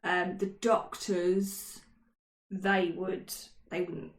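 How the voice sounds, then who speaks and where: A woman's voice: fairly low pitch, little pitch movement, drawn-out words, gravelly. A woman co-hosting a casual history chat, chatty and self-mocking, with frequent ums. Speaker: podcast co-host. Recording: roomy echo.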